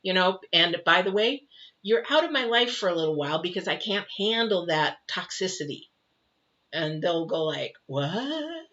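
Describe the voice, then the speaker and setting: This tarot reader speaks at a normal speed in a lower register, her tone bright and forceful, and the sound is lo-fi. Giving a live reading, she rambles conversationally, talks straight to her viewers, and acts out the people she quotes.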